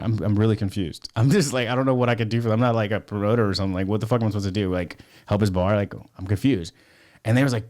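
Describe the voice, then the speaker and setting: Guy with a lowish voice, swears a ton, rambling stories on a podcast. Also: rapid-fire, darkish tone. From United States. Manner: swears constantly, rambling anecdotes. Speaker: podcast guest. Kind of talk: casual storytelling.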